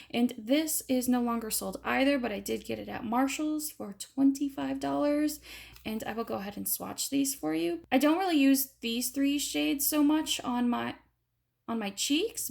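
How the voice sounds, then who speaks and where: A woman's voice: a little high, gravelly, a little mellow. A woman giving a chatty, enthusiastic beauty product review in a casual vlog. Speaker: beauty vlogger.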